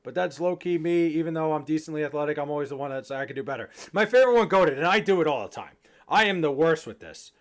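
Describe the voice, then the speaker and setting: A man's voice: on the high side, lively intonation, fast. A young man on a livestream, chatting casually, rambling and swearing, a little tipsy. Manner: rambling, profane, joking. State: a bit tipsy. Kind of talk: casual chat to stream chat.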